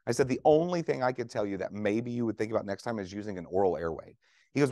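This veteran trauma nurse talks fast and animatedly in a low, dark-toned voice, recorded dry with clean studio sound. Lecturing clinicians at a conference, he's conversational and joking and keeps asking the room questions.

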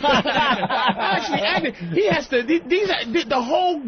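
A man guesting on a radio talk show, telling animated, profane stories and acting out the people in them. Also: extremely high pitch, moderate pace, hardly any pauses, a loud crowd. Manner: animated, profane, acts out quoted voices. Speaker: guest comedian. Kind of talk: casual radio banter, storytelling. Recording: muffled radio broadcast with faint hiss.

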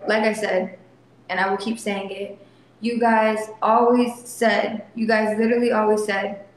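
A woman's voice: medium pitch, level tone, a little slow. A young woman in back pain talks to her livestream viewers, emotional and defiant, repeating herself. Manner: soft baby talk to her son. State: in back pain while sitting. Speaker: livestream vlogger. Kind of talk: casual livestream talk to viewers. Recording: very echoey phone stream, faint noise.

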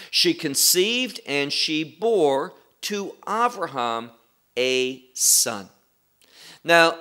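A man teaching a Bible study, explaining verses deliberately and with emphasis, and asking his listeners questions. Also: a little high, pushed and bright.

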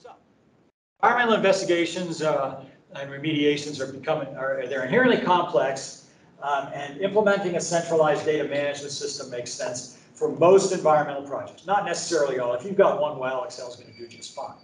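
A middle-aged or older man presents at a training event, giving a conversational, filler-heavy conference talk that works as an anecdotal sales pitch. He speaks fairly quickly. The echoey room and his distance from the mic make him sound far away, with a little hiss or hum.

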